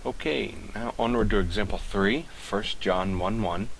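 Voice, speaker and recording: A man teaching ancient Greek pronunciation in a recorded lesson, sounding out each word slowly and deliberately. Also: on the low side, creaky, slight background noise, low-quality recording. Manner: slow, deliberate, sounding out words syllable by syllable. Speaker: Greek tutor.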